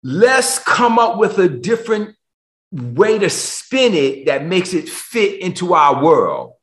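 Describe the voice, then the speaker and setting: A male pastor preaching over a video call in a slow, deliberate sermon that swings from loud, shouted questions to hushed, emotional lows. His voice is fairly high for a man and very lively in pitch. The room around him rings with echo. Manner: emotional, rising to shouts and dropping low.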